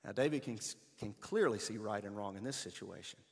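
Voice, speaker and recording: A man preaching a conversational sermon, switching between emphatic bursts and hushed asides. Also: on the low side, fairly quick, creaky, big-room sound. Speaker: pastor.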